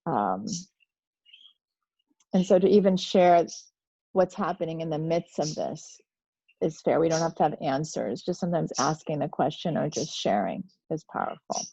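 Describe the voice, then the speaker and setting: A woman hosting an online session, calm and gentle, inviting people to share. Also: low-pitched, normal speed, vocal fry, breathy edge, no echo, rough recording. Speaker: host.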